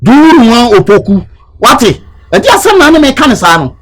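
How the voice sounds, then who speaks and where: A man acting in a comedy sketch, scolding loudly and switching between English and Twi. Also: very high-pitched, big pitch swings, moderate pace. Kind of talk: scripted comedy skit.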